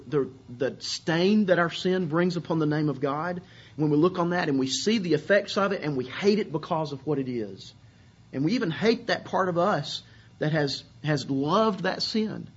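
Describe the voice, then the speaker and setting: A man's voice: a little high, moderate pace, breathy edge, lo-fi sound. A man preaching a sermon to his congregation, earnest and repeating words as he searches for phrasing. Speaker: pastor.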